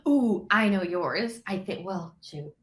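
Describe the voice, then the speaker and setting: Giggly woman with a lively voice. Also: medium pitch, slow pace. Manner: giggly, laughs often between remarks. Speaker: actress promoting a film. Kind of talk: casual playful chat.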